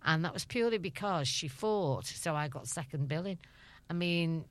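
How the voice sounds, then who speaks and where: A woman's voice: sits low, lively intonation, normal speed. A middle-aged woman with a Liverpool accent, a chatty guest telling stories in an interview and laughing often. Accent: Liverpool (Scouse). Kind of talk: anecdotal interview chat.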